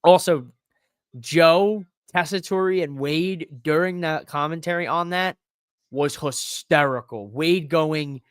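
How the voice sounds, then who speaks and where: A man hosting a podcast alone, talking in an excitable, rambling way that swears freely. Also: a little high, takes it slowly, clean tone, no room sound, clean studio sound. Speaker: podcast host. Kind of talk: casual solo wrestling recap.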